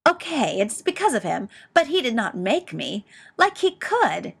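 A woman's voice: on the high side, sing-song, measured pace, husky, heavily acted. A woman voicing a brash, hot-tempered young man who talks back indignantly and bosses people around. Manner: indignant, bossy, shouting.

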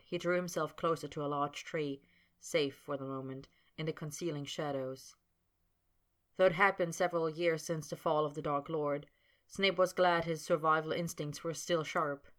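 A woman narrating fan fiction aloud in a measured, steady storytelling manner. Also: sits low.

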